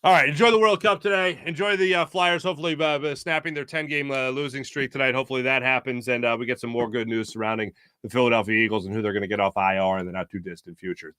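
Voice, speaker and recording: A man's voice: medium pitch, fast, few pauses, bright, forceful tone, clean tone, no echo, studio quality. An American man hosting a sports talk show, rambling and opinionated, with many fillers. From United States. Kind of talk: casual sports talk monologue.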